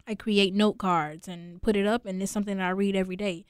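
An earnest woman guest on a talk show, explaining her practice in a casual, repetitive way and acting out little quotes. Her voice is smooth and clear. The sound is dry and close. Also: medium pitch, fairly even intonation, quick pace, dry recording. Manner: earnest, repeats herself, acts out quotes.

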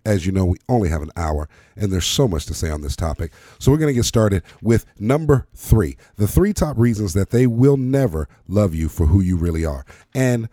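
A deep-voiced man hosts a motivational talk. His tone is dark and mellow, and he pushes his points home with preacher-like repetition. The recording is close and dry, with no room sound. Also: dry recording. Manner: emphatic, preacherly, repeats words for effect. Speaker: podcast host. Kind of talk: motivational monologue.

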